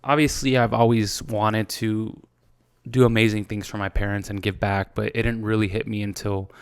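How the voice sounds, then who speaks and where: A man's voice: lowish voice, clean tone, dry recording, studio quality. A man in his twenties with an American accent, hosting a casual solo podcast, talking loosely with lots of "dude" and swearing, at times turning tearful. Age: 20s. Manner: casual, swears a lot, says "dude" often; gets tearful and emotional. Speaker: podcast host.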